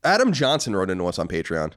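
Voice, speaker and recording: A man's voice: low-pitched, huge pitch swings, fast, a bit bright. An American man co-hosting a casual podcast, reading listener mail aloud with mock-indignant joking. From United States. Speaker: podcast co-host.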